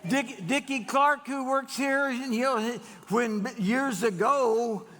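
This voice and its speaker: A man telling folksy jokes to a gathering, chatty with drawn-out pauses and frequent restarts. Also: extremely high pitch, noisy background. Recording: long hall reverb.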